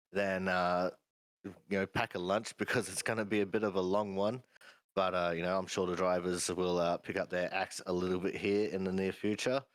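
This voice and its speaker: Australian male co-commentator, very deep, monotone, relaxed. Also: dry recording, poor audio. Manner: easygoing, many "uh, you know" fillers. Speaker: sim racing co-commentator. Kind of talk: race commentary chat.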